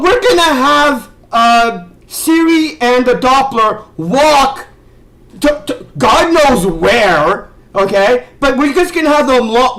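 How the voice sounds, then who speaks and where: A man's voice: very high voice, a bit bright, slight background noise, poor audio. A man ranting as a video reviewer, exasperated and sarcastic, swearing and stumbling over restarts as he talks. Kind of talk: ranting commentary.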